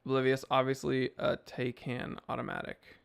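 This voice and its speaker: A man's voice: mid-range voice, monotone, moderate pace, creaky, smooth. A man hosting a live stream, reading chat messages and answering in a laid-back, rambling way with lots of fillers.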